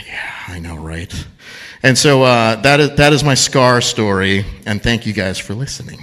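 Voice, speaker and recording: A man's voice: medium pitch, lively intonation, a little slow, fairly bright tone. A man telling a self-mocking story on stage at a live storytelling event, laughing at his own mishaps.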